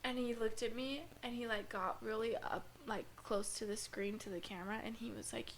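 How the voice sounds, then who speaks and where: Woman, slightly high voice, earnest, halting, lots of fillers, faint background noise. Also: fairly even intonation. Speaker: podcast guest. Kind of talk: emotional personal storytelling.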